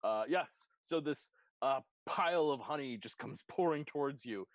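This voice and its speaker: A man's voice: mid-range voice, moderate pace, no echo, low-quality recording. A man running a tabletop game as game master, narrating with lots of fillers. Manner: relaxed, filler-heavy narration.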